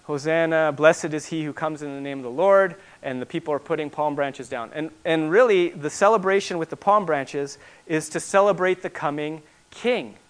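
High-voiced preaching pastor. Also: male voice. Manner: builds to loud emphatic repetition, then drops to quiet asides. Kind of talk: sermon.

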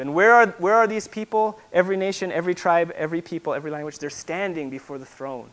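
A man preaching a sermon as pastor, building to loud, emphatic repetition and then dropping to quiet asides. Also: sits high, quick pace, hardly any pauses.

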